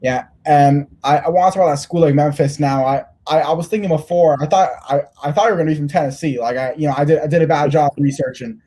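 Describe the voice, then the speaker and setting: A man's voice: a little high, fast, few pauses, dark tone. A man interviewing a young player, rambling with lots of restarts. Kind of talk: casual interview.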